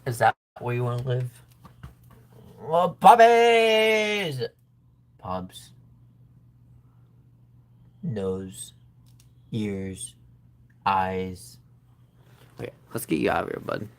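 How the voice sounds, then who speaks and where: Woman streamer at home, slow easygoing talk, coos n calls out to her cat all excited. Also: a bass voice. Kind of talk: casual live-stream chat.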